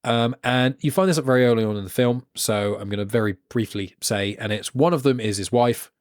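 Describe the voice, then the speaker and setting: A man's voice: mid-range voice, a little fast, no room sound. Guy chatting on a podcast, rambles a lot, voice drops off at the end of lines, dry close sound. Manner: rambling, trails off quietly at phrase ends. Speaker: podcast guest. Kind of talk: casual podcast chat.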